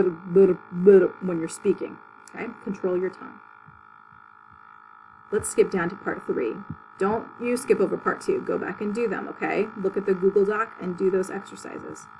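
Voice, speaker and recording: A woman teaching a public speaking class, walking students through articulation drills with clear, exaggerated syllables and plain instructions. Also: mid-range voice, normal speed, a little mellow, slight background noise, low-quality recording.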